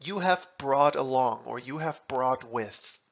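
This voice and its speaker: Male lesson narrator, deliberate and scripted, dull lo-fi sound, middle pitch. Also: creaky. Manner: deliberate, spells out German words and translations. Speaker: language teacher. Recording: dull lo-fi recording.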